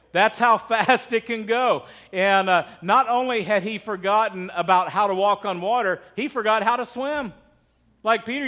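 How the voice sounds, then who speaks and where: High-pitched middle-aged guy preaching, talks like a chat, keeps asking the congregation stuff. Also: pushed and bright. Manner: conversational, asks the congregation questions. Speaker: pastor. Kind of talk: sermon.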